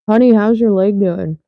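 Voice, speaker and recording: A woman livestreaming and chatting loosely with her viewers, blunt and swearing freely. Her voice comes through thin and phone-like, with no room echo around it. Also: medium pitch. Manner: blunt and heavily profane. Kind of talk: casual livestream chat with viewers. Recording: tinny phone-like dry sound.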